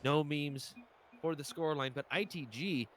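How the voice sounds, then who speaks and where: A man doing live play-by-play esports commentary, excitable and jokey, his voice jumping up on big plays. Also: moderate pace, slight background noise. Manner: excitable jumps in pitch, jokey asides.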